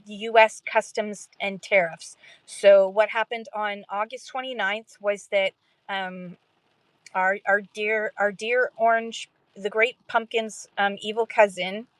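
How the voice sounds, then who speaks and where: A woman's voice: medium pitch, a bit bright, no room sound. A woman hosting a casual livestream chat for sellers, talking in a rambling, self-deprecating way and laughing often. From Canada.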